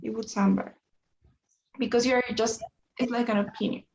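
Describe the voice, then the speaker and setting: Patient woman tutor, gravelly, lo-fi. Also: a little high, steady tone, a little mellow, slight background noise. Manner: patient, slow explanations with restarts. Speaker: English tutor. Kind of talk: one-on-one online lesson.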